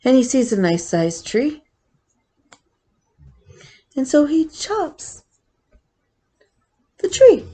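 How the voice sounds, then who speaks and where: A woman's voice: high-pitched, big pitch swings, drawn-out words, pauses often, mellow, breathy edge. A woman chatting casually on her cross-stitch vlog, rambling with fillers as she tells a story.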